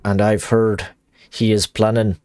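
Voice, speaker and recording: A man voicing a scheming male noble quest giver in a game, putting on an Irish accent and reading slowly, with many halting repeats. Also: lowish voice, level tone, a little mellow, clean tone, no echo, close to an everyday voice. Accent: Irish, put on badly. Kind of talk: reading game dialogue aloud.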